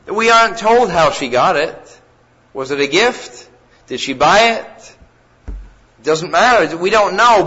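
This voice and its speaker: A man's voice: high voice, pushed and bright. A middle-aged man preaching a sermon in a conversational way, often repeating words and restarting phrases. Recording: muffled lo-fi sermon recording.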